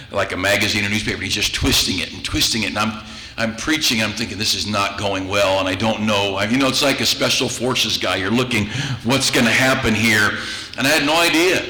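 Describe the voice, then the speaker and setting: Pastor, man, bright and forceful, humorous storytelling sermon, roomy church sound. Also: lowish voice. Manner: humorous, chuckles through anecdotes. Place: church sanctuary. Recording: echoey church room with faint noise.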